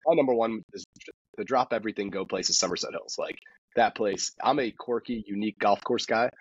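A man who is a podcast guest and golf instructor, telling a story in a casual, animated way. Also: fairly low pitch, fairly quick, slightly rough, no echo, muffled recording.

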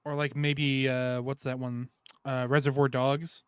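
A man's voice: mid-range voice, level tone, a little slow, clear, resonant tone, no room sound, studio quality. A young man co-hosting a comedy podcast, joking and laughing often as he slips into mock mobster voices. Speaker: podcast co-host. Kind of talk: comedic improv banter.

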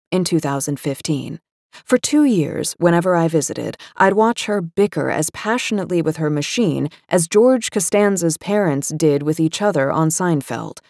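A woman narrating a magazine article in a measured, articulate reading voice with wry asides. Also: deep voice, darkish tone, dry recording, clean studio sound. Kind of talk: scripted narration.

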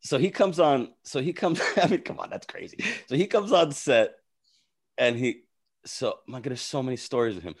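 A man telling stories from a film set in casual chat, profane and animated, acting out what people said. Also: medium pitch, moderate pace, husky. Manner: animated, profane, often acts out quotes.

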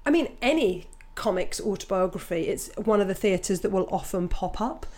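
A woman stand-up comedian in a relaxed conversation. She talks in a chatty way and often restarts her sentences. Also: mid-range voice, normal speed. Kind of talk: casual chat.

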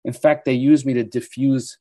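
Man in his sixties, interview guest, animated anecdotes, warm low voice, dry sound. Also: normal speed, dry recording. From United States. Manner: animated storyteller who acts out quoted voices. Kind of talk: storytelling interview.

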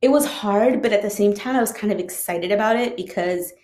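A woman's voice: mid-range voice, fairly quick, a little mellow. A woman who is a teacher, casually telling a personal story with lots of fillers. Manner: chatty, frequent "like" and "um" fillers. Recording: roomy echo.

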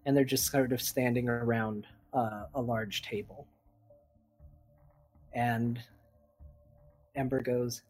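A man serving as game master, narrating a tabletop game in a relaxed, descriptive way. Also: mid-range voice, slow pace, pauses often, soft background music.

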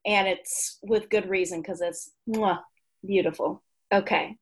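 A woman's voice: mid-range voice, steady tone, measured pace, slight background noise. A woman co-hosting a podcast, reading a written entry aloud with playful, wry asides. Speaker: podcast co-host.

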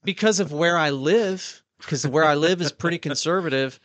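A man with a slightly high voice, hesitant and careful, often stumbling as he picks his words in casual podcast chat. The sound is dry and close. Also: moderate pace, a bit bright, no echo. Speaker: podcast co-host.

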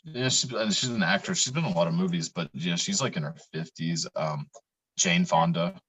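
A man's voice: sits low, moderate pace, fairly bright tone, husky. A man hosting a casual chat, hesitant and full of fillers as he asks questions. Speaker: host.

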